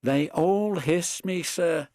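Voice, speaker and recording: A man voicing a gentle, polite little steam engine. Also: mid-range voice, very animated, measured pace, breathy edge, no room sound, studio quality, heavily acted. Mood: sad. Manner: soft-spoken and polite. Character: gentle, hard-working older male steam engine.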